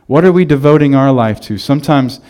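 Preaching with an easygoing, chatty storytelling style, a man in his thirties serving as pastor keeps restarting his thoughts. His pitch sits in the middle, his delivery is fairly quick, and his tone is clear and resonant.

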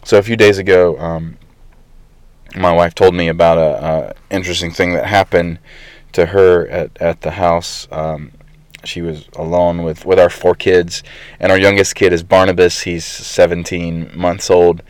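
Low-voiced man preaching casually. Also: little pitch movement, measured pace, clean tone, no echo. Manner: conversational preaching with fillers. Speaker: pastor. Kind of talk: sermon.

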